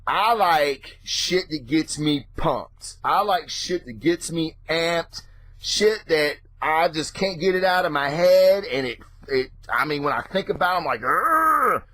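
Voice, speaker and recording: Profane excitable man ranting. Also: a little slow, no room sound. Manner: profane, excitable, mimics reactions in a high voice. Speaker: podcast host. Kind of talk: casual ranting monologue.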